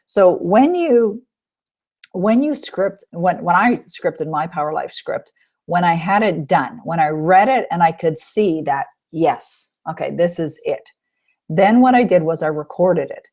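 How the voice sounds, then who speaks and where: A woman's voice: on the low side, expressive, measured pace, darkish tone. Upbeat woman coaching with rhetorical questions. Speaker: self-help coach. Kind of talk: teaching a webinar call.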